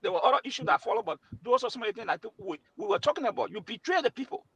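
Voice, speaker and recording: A man's voice: very high voice, big pitch swings, very fast, creaky, pushed and bright, breathy edge, no room sound, rough recording. A man arguing as a commentator on a political talk show, retelling events and repeating words. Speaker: panel guest, right-leaning commentator. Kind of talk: heated political debate.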